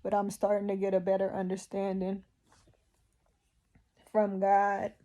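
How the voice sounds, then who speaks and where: Woman vlogger, tearful testimony, slow and halting, flat mellow voice. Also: medium pitch. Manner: slow, emotional, halting, with pauses. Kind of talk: personal faith testimony.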